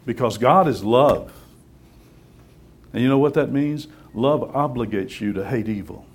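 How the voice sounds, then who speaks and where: Lively preaching man. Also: medium pitch, unhurried. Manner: lively, conversational, acts out voices and asks rhetorical questions. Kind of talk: sermon.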